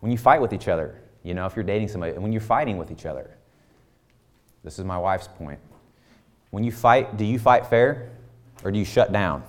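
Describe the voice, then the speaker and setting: A man's voice: fairly low pitch, expressive, brisk, pauses often. A man in his thirties preaching a conversational sermon full of rhetorical questions. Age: 30s. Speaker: pastor.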